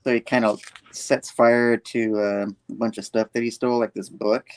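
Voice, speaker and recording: A man's voice: mid-range voice, little pitch movement, moderate pace, smooth. A man hosting a podcast, casually retelling a comic book with lots of fillers and restarts. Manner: rambling, filler-heavy retelling. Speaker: podcast host.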